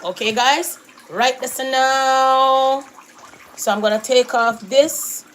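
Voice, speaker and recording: A woman with a high, fairly bright voice speaks slowly, with a bit of background noise. She's a vlogger filming on a handheld phone as she wanders through her home and backyard garden, chatting casually and repeatedly calling out to her viewers.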